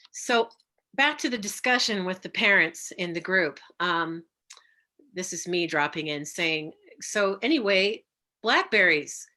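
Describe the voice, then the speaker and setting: Bright-voiced woman telling stories over slides. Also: fairly low pitch. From California. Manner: animated storyteller, quotes others with changing tone. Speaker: herbalist giving a talk. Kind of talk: presenting slides in a casual talk.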